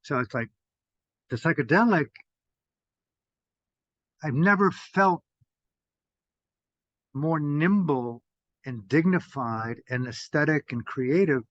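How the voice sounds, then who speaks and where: An older man speaks with fervor, his voice sitting a little high for a man and swinging from loud bursts to near-murmurs. The sound is dry and close with no room around it. The audio is dull and lo-fi, like a video call. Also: takes it slowly, long pauses, dry recording. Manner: intense, profane, swings from loud to hushed. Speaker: meditation teacher. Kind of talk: impassioned talk.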